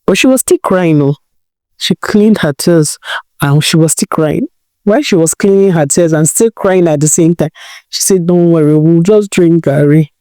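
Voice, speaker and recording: A woman narrating a folk tale in a conversational, expressive way. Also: fairly low pitch, normal speed, no room sound, clean studio sound. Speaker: storyteller.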